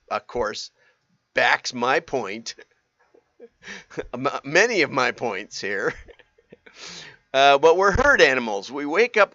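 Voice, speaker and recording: A man's voice: mid-range voice, vocal fry, bright, forceful tone, no echo, lo-fi sound. A middle-aged man hosting a livestream in a chatty, casual way, laughing often and asking rhetorical questions. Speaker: livestream host.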